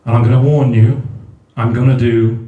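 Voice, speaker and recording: A man's voice: medium pitch, little pitch movement, normal speed, narrow, tinny audio. A man from South Wales doing a stand-up set at a comedy night, ranting in exasperation and swearing heavily. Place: large function room at a comedy night. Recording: roomy live venue, mic at a distance.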